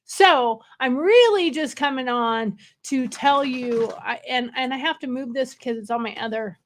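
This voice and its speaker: A woman's voice: high-pitched, normal speed, slight background noise. Wired, chatty woman. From California. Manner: rambling, wired and chatty with laughs. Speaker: livestream host. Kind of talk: casual livestream chat. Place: hotel room.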